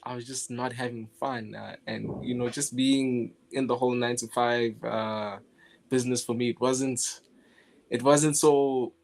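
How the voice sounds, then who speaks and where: A young man from South Africa, a guest animator in a casual interview, talking in a relaxed way, laughing often and restarting his phrases. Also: mid-range voice, a little slow, gravelly.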